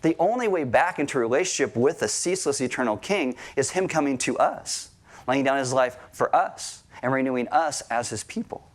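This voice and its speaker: A man's voice: mid-range voice, expressive, moderate pace. A married man preaching a sermon to a church congregation, talking casually, asking the crowd questions and joking lightly. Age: adult, married. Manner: conversational, asks the crowd questions and jokes lightly. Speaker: pastor. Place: church service before a congregation.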